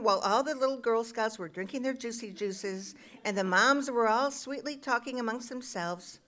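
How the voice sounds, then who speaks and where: A woman's voice: fairly high pitch, fairly bright tone. A middle-aged woman reading her own comic personal essay aloud at a live show, self-mocking with punchy timing.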